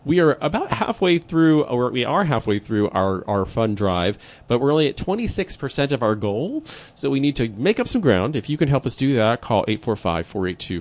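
A friendly man pitching a public radio fund drive. He jokes lightly and keeps steering back to the call for pledges. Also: darkish tone. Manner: friendly, jokey, repeats phone number.

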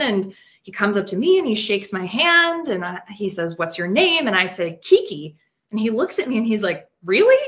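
A woman's voice: mid-range voice, bright, forceful tone. A woman from New York, a guest on an interview, telling a story in a chatty way full of fillers and little laughs. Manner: chatty, lots of fillers, laughs into her lines. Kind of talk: casual anecdote telling.

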